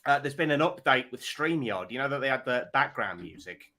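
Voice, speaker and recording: A man's voice: mid-range voice, expressive, fairly quick, bright, forceful tone. A man hosting a comedy panel show over a video stream, chatting casually and stumbling over his words.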